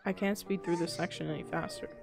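A woman's voice: fairly low pitch, steady tone, fast, vocal fry, music in the background. A young woman streaming a game live, reacting to chat with exasperated outbursts of disbelief. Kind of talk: live gameplay commentary.

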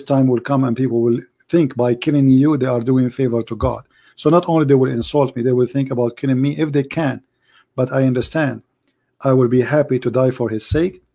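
A man with an Arabic accent hosting a live call-in show, hoarse from losing his voice, preaching fervently and rising to emphatic declarations. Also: medium pitch, mellow.

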